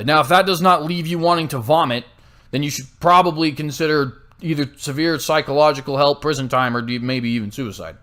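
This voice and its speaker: A man's voice: fairly high pitch, fairly quick, a bit bright. Sarcastic young man ranting. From United States. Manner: heated, sarcastic, frequent "right?" tags. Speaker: political commentary host. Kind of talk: opinionated monologue.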